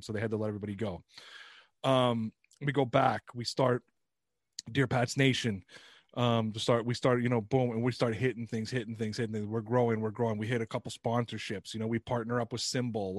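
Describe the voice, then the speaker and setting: A man's voice: medium pitch, dry recording, clean studio sound. A man from Canada, a podcast guest, telling stories in a casual, rambling way with frequent swearing. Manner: rambling, swearing, animated storytelling. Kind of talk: casual chat.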